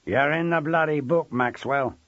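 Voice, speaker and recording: A man playing a coarse, burly thug with a husky snarl and a lively, jabbing delivery. The audiobook sound is dull and dry. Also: fairly high pitch, a little slow, no echo, pitched above the performer's own voice, heavily acted.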